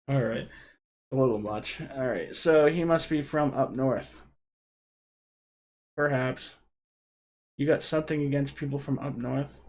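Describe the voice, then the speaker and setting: A man's voice: medium pitch, unhurried, pauses often, a little mellow. A young man from Rhode Island with a Rhode Island accent, hosting a casual livestream and chatting with viewers in a rambling way. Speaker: livestream host.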